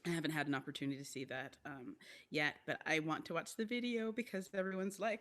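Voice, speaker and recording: Low-voiced woman guest, animated rambling. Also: brisk. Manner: rambling, animated, playful asides. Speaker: podcast guest, theatre artist. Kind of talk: casual chat.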